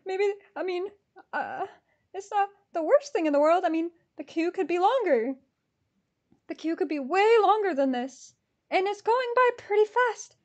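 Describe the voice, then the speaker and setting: A woman vlogging live as she tries to buy concert tickets, anxious and excitable, swinging from shrieks to mutters. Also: very high-pitched, unhurried, long pauses. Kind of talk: live reaction vlog.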